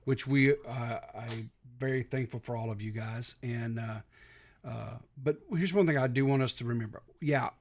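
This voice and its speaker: A man co-hosting a podcast, speaking haltingly with many restarts. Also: medium pitch, slight background noise. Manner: hesitant, many restarts and fillers. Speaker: podcast co-host. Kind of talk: casual podcast chat.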